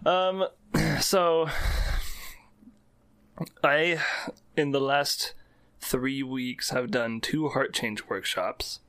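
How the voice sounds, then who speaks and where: A man's voice: medium pitch, steady tone, drawn-out words, pauses often, fairly bright tone. A man hosting a podcast in casual chat, talkative and exclamatory. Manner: chatty, exclamatory. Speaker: podcast host.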